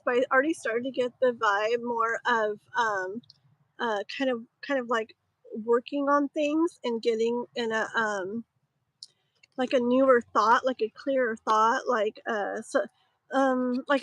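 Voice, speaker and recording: A woman in her thirties rambles through a live tarot stream, full of "like" and "um." Her voice sits a little high and sounds slightly strained, with throat-clearing. The sound is close and dry. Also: a bit bright, no room sound, rough recording. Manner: rambling, filler-heavy, chatty. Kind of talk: casual live-stream chat.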